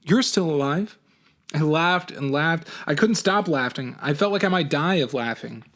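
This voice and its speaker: Man reading a novel aloud, fairly high voice, expressive and animated, teacher. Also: normal speed.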